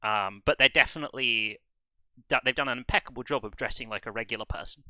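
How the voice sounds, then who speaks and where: A man's voice: medium pitch, fast, sharp tone, no echo. A man running a tabletop role-playing game as game master, laid-back and wry as he describes the scene.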